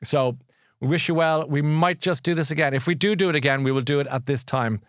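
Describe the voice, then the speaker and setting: A man's voice: on the high side, brisk, a bit bright, clear, resonant tone, dry recording, studio quality. A man hosting a live show about books and films, chatty and enthusiastic. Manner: chatty and enthusiastic, with frequent restarts. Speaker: host of a live book and culture show.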